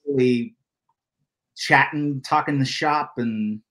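A man's voice: mid-range voice, slow pace, fairly bright tone. Friendly male voice actor signing off. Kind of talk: casual panel chat on a livestream.

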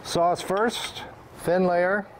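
A man's voice: sits high, steady tone, drawn-out words, slight background noise. Chatty man hosting a cooking show. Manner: chatty, folksy kitchen talk. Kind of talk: upbeat cooking demonstration.

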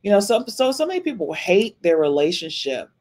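A woman's voice: mid-range voice, sing-song, a little fast, darkish tone. A woman hosting a podcast, giving casual reaction commentary on a livestream in an emphatic, chatty way and often tossing in a questioning "okay?". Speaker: podcast host.

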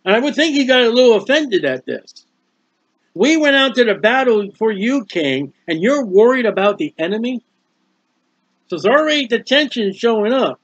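High-voiced American man teaching scripture. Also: sing-song, no room sound. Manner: reads scripture slowly, then explains in plain folksy asides. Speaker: Bible teacher. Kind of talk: verse-by-verse Bible study. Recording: dry, muffled lo-fi recording.

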